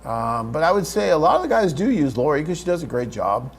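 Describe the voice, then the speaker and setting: A man's voice: on the high side, sing-song, a little fast, vocal fry, slight background noise. A man hosting a live webcast, reading out viewer questions and answering them in a chatty, off-the-cuff way.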